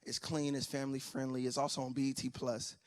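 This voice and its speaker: A man doing stand-up comedy on a church stage, telling family stories and acting out relatives in loud, high voices. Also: quick pace. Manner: animated storyteller who acts out family members in loud high voices. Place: church stage before a live audience.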